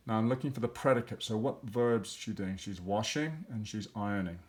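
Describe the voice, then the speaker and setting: A man's voice: on the low side, fairly quick. A man teaching, walking patiently through language exercises and thinking aloud as he works out each answer. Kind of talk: explaining language exercises step by step.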